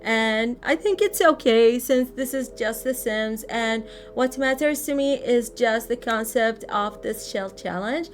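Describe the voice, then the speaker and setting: A woman's voice: a little high, measured pace, hardly any pauses, a little hiss or hum. A woman giving a casual, chatty voice-over tour of a game build, sometimes searching for words and laughing lightly. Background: faint background music.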